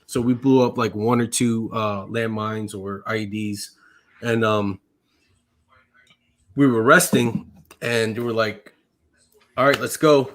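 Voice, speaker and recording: A man with a lowish, slightly bright voice speaks in a steady tone at a slow pace, pausing often. He's an army medic veteran appearing as a podcast guest, telling a long personal story in casual conversation. He swears often and fills his talk with "uh" and "like."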